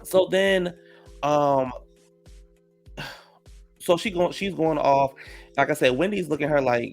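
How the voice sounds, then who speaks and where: Gravelly-voiced guy recapping reality tv, messy and cussing a lot, low music in the back. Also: a little slow, long pauses. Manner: gossipy, profane, reacts loudly to the drama. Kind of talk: casual episode recap.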